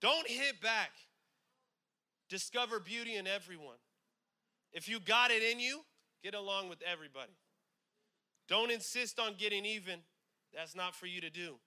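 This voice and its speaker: A man from California preaching a sermon with lots of energy, casual asides, repeated lines and slow, emphatic scripture reading. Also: sits high, pushed and bright. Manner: conversational asides like "you know what I'm saying".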